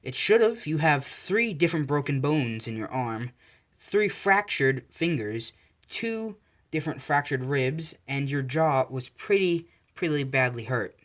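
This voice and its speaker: A man voicing an elderly female healer, fussy and scolding, with a raised, pinched pitch. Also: animated, measured pace. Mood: matter-of-fact.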